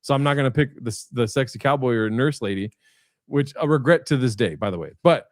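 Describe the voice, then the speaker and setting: A man at an ordinary, middle pitch spins a long, meandering anecdote over a video call, peppered with "like," "um" and casual swearing. His voice sounds close and dry. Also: animated, brisk, dry recording. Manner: rambling anecdotes with frequent fillers and profanity. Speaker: guest comedian. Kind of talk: casual storytelling chat.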